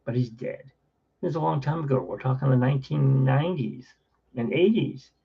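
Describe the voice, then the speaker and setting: A man's voice: mid-range voice, expressive, a little fast, vocal fry, breathy edge, dull audio. A man in his forties, host of his own channel, telling a blunt, wry story in a casual rambling monologue. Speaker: channel host playing keyboard.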